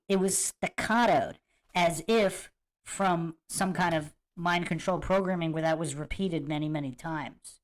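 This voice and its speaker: A man's voice: on the high side, unhurried. A man hosting a livestream, chatting casually to viewers and reacting to clips with a musing, emphatic manner that repeats points. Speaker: host of a livestream commentary show.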